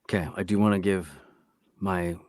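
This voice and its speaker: A man with a lowish voice speaks in a relaxed interview chat, recorded dry and close with little room sound. He talks like a storyteller, with an expressive and lively delivery. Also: moderate pace, dry recording. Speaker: audiobook narrator guest.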